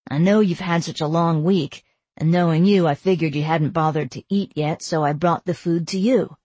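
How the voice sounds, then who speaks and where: A woman voicing a caring young man in a storybook, gentle and reassuring. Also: sits low, fairly even intonation, normal speed, slightly rough, no room sound.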